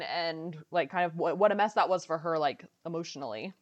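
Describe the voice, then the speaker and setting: A woman co-hosting a podcast, chatting casually about a sitcom episode with lots of fillers and animated asides. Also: sits low, brisk, highs cut off. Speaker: podcast co-host. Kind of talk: casual chat recapping a sitcom.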